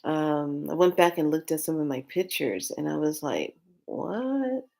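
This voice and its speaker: A woman with a notably low speaking voice shares a dream in a loose, conversational spiritual vlog. She circles back on her words, restarting and repeating phrases, and presses her points with earnest emphasis. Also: moderate pace, creaky, dark tone. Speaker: spiritual vlogger. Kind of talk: casual spiritual storytelling.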